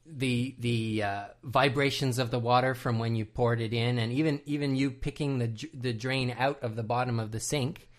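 A man's voice: medium pitch, steady tone, normal speed, few pauses. Male podcast co-host with a mid-range voice, patiently explaining trivia in a hesitant, casual manner. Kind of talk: casual commentary chat.

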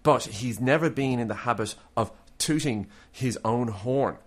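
A man's voice: medium pitch, a little slow. Joking, stammering Australian man. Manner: jokey, stammering restarts. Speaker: podcast co-host. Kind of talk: casual chat.

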